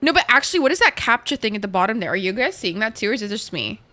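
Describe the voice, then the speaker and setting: A woman streaming a game, chatting casually and profanely with her viewers and reacting quickly to chat. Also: mid-range voice, sing-song, bright, forceful tone. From Canada. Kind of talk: casual live-stream chat while gaming.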